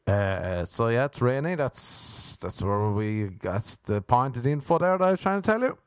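A man's voice: mid-range voice, sing-song, normal speed, smooth, dry recording, clean studio sound. Rambling Irish man, crude podcast humor. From Ireland. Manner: crude, swearing, jokey tangents and wordplay. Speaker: podcast host. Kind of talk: rambling solo comedy podcast. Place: indoors at home by a window.

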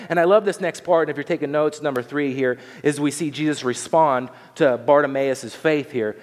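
A man preaching a sermon with a slightly higher voice than most men, and a long reverb trails after each phrase. He is lively and playful, acting out the scene in little character voices and throwing questions to the room. It sounds like a church hall. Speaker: pastor.

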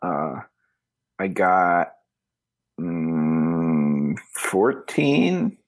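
A man playing in a tabletop game, talking in a hesitant, relaxed way. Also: low-pitched, extremely slow. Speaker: player.

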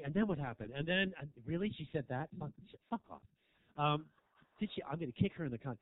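A male stand-up comedian in a small club, sardonic and profane, breaking into shrill outbursts. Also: expressive, fast talker, dry recording. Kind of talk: stand-up set. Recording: tinny, dry lo-fi recording.

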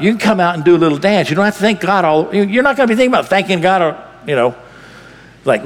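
A man preaching a sermon as pastor, impassioned, swinging between loud bursts and hushed lines. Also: sits high, expressive, brisk, in a large hall.

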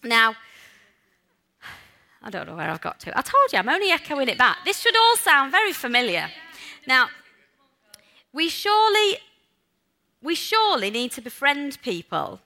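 Bright woman preaching casually. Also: high-pitched, wildly swooping pitch, moderate pace, pauses often. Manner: conversational, with rhetorical questions. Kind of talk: sermon.

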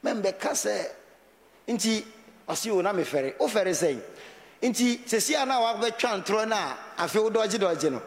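A man's voice: high voice, expressive, slow, long reverb tail. A man with a Ghanaian accent preaching a sermon as pastor, talking conversationally and mixing Twi with English.

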